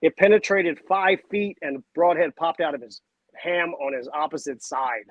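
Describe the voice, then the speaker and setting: A man, a podcast guest telling stories in a casual, animated way. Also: fairly high pitch, normal speed, no echo, highs cut off. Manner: animated, acts out voices and sounds. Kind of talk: casual storytelling chat.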